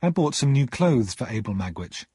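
A man reading a story aloud as narrator, measured and expressive. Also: mid-range voice, breathy edge, dry recording, clean studio sound.

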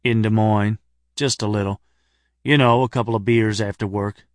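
A man's voice: fairly low pitch, steady tone, moderate pace, no room sound, studio quality, close to an everyday voice. Male narrator reading a restless, jokey middle-aged hiking pal, breezy and offhand, audiobook.

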